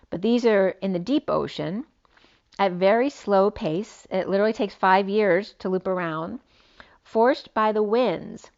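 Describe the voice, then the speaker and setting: A woman's voice: mid-range voice, dull audio. A woman giving a solo spiritual reading, rambling and free-associating from one idea to the next. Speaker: spiritual reader.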